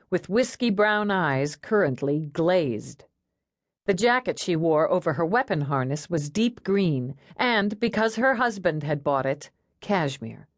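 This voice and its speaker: Expressive woman audiobook narrator. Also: on the low side, no echo, clean studio sound. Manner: wry, expressive storytelling. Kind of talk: scripted narration.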